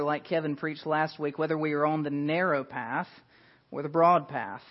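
A man preaching a sermon as pastor, earnest and emphatic, asking rhetorical questions. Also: fairly high pitch. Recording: dull lo-fi sound.

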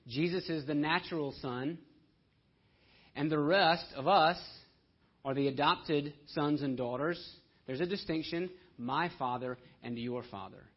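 Husky-voiced man preaching a sermon. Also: a little high, a little slow. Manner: dramatic shifts between soft and loud delivery. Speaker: pastor. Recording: dull lo-fi sound.

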